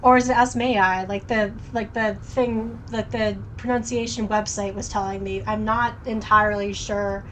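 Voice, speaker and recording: Woman streamer chatting thru a story game, trips on names n fixes them, mid pitch. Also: steady tone, moderate pace, few pauses, fairly bright tone, slight background noise, poor audio. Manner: chatty, self-correcting, stumbles over names. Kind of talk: casual let's-play commentary and reading.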